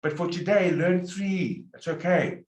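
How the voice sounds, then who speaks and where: A man teaching a Spanish lecture, drilling example sentences slowly and emphatically. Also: high-pitched. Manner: slow, emphatic drilling with repeated example phrases. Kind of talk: recorded language lecture. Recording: echoey room.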